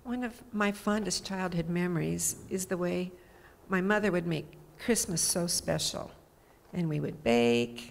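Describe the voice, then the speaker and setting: A woman's voice: mid-range voice, gravelly. A woman sharing a fond childhood memory at church, in a nostalgic, reflective way. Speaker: speaker at church. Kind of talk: personal storytelling. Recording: long church reverb.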